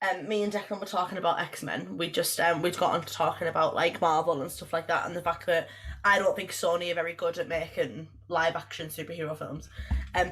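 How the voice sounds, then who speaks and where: A woman co-hosting a podcast in casual chat, animated, swearing freely and laughing often. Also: fairly low pitch. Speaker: podcast co-host.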